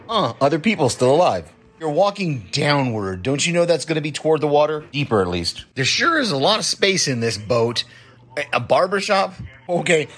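A man's voice: medium pitch, fairly bright tone. A man leaving a voicemail with a chatty running commentary on a film, chuckling often as he reacts. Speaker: listener sending a voicemail.

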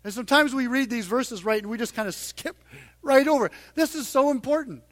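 A male pastor preaching a sermon to his congregation in church, earnest and emphatic, growing louder on the points he stresses. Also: very high-pitched, a little fast.

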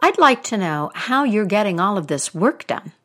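With big pitch swings in a mid-range voice and a moderate pace, a woman performs the part of a fearsome old witch. She sounds stern, speaking bluntly, sharply and with command.

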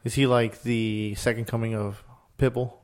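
A man's voice: medium pitch, flat delivery, moderate pace, a little mellow. A man in casual chat who chimes in with short questions.

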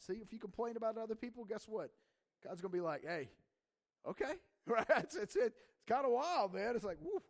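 A man preaching a sermon in a casual, conversational way, often checking in with the audience and asking "right?". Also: high voice. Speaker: pastor.

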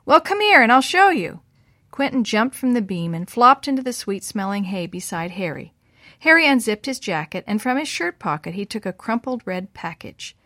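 A woman narrating a children's story, using lively voices for the boys' lines. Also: medium pitch, normal speed, dry recording, clean studio sound.

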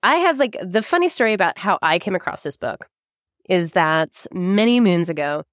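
Woman co-host, casual storyteller, salty and giggly, lower voice, dry room. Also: expressive, normal speed, no room sound. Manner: chatty storyteller, swears freely, laughs often. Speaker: podcast co-host. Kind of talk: casual chat.

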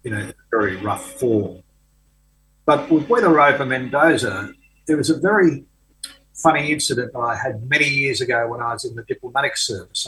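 An older man with a bright, forward tone talks as an interview guest, spinning a long personal story. He pauses often, filling gaps with ums and restarting sentences as he goes. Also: mid-range voice, poor audio. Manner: hesitant, many fillers and restarts. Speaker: author guest. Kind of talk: conversational storytelling.

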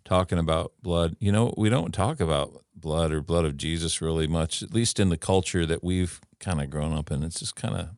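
Deep, early-morning voice of a male co-host. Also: normal speed, few pauses, darkish tone, no room sound, studio quality. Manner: hesitant, stammering restarts, easygoing. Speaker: podcast co-host. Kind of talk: casual faith podcast chat.

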